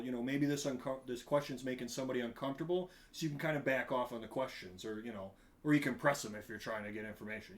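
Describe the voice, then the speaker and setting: A man in his thirties, a podcast guest, chatting casually in a rambling, animated way and laughing often. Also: mid-range voice. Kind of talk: casual chat.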